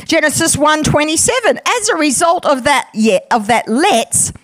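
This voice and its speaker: A woman's voice: high voice, sing-song, moderate pace, no echo. A woman preaching a sermon as a guest preacher, playful and chatty, joking with the congregation.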